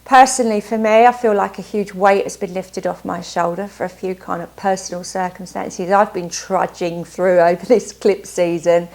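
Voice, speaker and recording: A woman's voice: lowish voice, fairly even intonation, moderate pace, few pauses, darkish tone. A woman doing a casual tarot card reading, upbeat and chatty, often stopping to add asides. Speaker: tarot reader.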